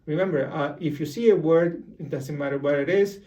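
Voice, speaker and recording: Fairly high-voiced man teaching a lesson. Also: mellow, far from the mic. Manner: slow, explanatory, repeats example words. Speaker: Spanish teacher. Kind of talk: beginner language lesson. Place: room with a whiteboard.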